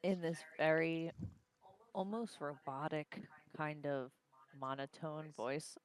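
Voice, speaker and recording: A woman's voice: deep voice, slow pace, rough recording. A woman narrating as game master of a tabletop role-playing game, describing scenes at length with many fillers.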